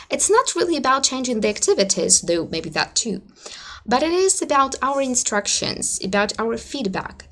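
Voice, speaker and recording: Bright-voiced woman presenting with hesitations. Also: on the high side. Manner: hesitant, many fillers and hedges. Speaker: online conference presenter. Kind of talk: presentation for teachers.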